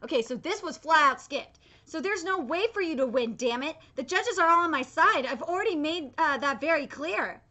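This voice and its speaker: Woman, twenties, live anime reaction, high voice, swears a lot, lots of ums and restarts. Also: lively intonation, normal speed, few pauses, sharp tone. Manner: loose and profane, full of fillers and restarts; reads manga dialogue aloud between comments.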